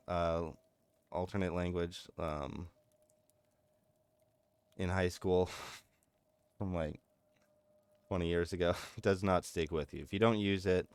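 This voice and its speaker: Low-pitched streamer in his thirties, loose and chatty, with a dry, close sound. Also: smooth, dry recording. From United States. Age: 30s. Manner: rambling, chatty, laughs often. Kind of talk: casual gameplay commentary.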